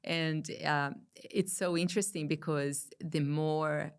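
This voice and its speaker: Low gravelly-voiced woman guest. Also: slow pace. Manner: earnest, animated when quoting herself. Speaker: podcast guest. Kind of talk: casual spiritual conversation.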